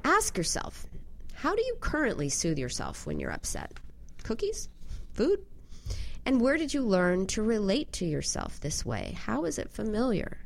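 Animated woman giving self-help advice. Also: moderate pace, gravelly. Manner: animated, acts out quoted voices in a higher pitch. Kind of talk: advice talk on emotional eating.

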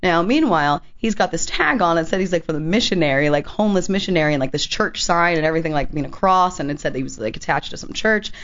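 A radio co-host with a fairly low voice tells a story in casual chat, slipping into the voices of the people she quotes and laughing often. The broadcast sound is muffled and lo-fi. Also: lively intonation, fast, hardly any pauses, a bit bright. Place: radio studio.

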